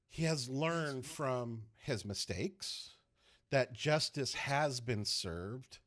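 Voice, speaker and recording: A man narrating a tabletop game as game master, telling the scene in an animated way with loose restarts. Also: medium pitch.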